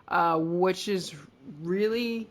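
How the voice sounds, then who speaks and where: A woman with a somewhat low voice co-hosts a podcast. She rambles through a casual TV recap, leaning on lots of fillers and restarts. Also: extremely slow. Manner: chatty, rambling, filler-heavy. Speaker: podcast co-host. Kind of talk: casual episode recap chat.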